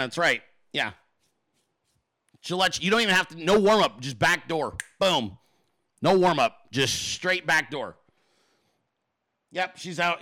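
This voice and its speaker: Male livestream host, crude and mocking, bright, slightly high voice, dry close sound. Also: no echo. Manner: profane, mocking, puts on shrill voices. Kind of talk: crude casual livestream rant.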